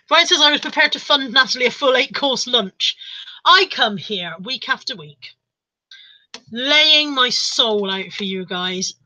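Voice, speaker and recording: Bright-voiced chatty woman. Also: on the high side, low-quality recording. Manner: playful, mock-dramatic, chatty. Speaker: livestream host reading chat. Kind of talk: casual live-stream chat.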